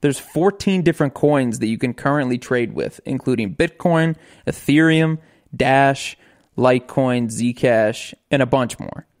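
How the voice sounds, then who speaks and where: A man's voice: medium pitch, unhurried. A man co-hosting a casual podcast, talking animatedly, repeating words and talking over his partner, also reading the ad. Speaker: podcast co-host. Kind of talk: casual podcast chat and host-read ad.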